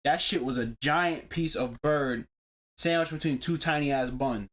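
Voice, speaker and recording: A man's voice: a little high, measured pace, fairly bright tone. A man co-hosting a podcast, telling a story in a casual chat, slangy and profane. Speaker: podcast co-host.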